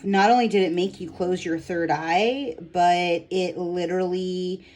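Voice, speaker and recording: A woman leading a guided energy healing session, gently instructing a client and meandering with many ums and likes. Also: lowish voice, a little slow, slight background noise, rough recording. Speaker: spiritual energy healer.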